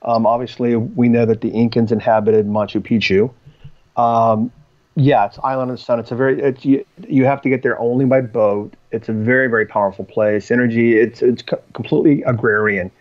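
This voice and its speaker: A man's voice: medium pitch, level tone, brisk. Man telling stories, dull audio. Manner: rambling with frequent ums and restarts. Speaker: podcast guest. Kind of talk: storytelling in conversation.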